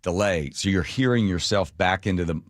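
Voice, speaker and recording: A middle-aged man hosting a radio show, telling a story in a casual, animated, self-mocking way. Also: deep voice, moderate pace, dry recording, studio quality. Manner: animated, self-mocking, laughs at his own stories. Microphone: studio microphone.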